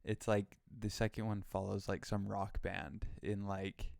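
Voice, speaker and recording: A man's voice: lowish voice, flat delivery, unhurried, creaky, a little mellow, dry recording, studio quality. A young man co-hosting a pop culture podcast, chatting casually and rambling with many fillers. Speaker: podcast co-host. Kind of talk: casual chat.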